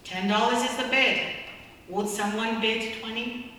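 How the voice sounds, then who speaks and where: A woman's voice: fairly high pitch, steady tone, a little slow, sharp tone, slight background noise. A woman voicing a formal, persistent male auctioneer who announces bids insistently. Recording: echoey hall from far off.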